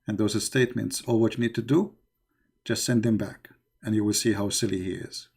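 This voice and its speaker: Gravelly dark-voiced man host. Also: on the low side, fairly even intonation, brisk. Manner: plain speech with many fillers and repetitions. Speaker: host of a call-in show. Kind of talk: casual closing talk to listeners on faith.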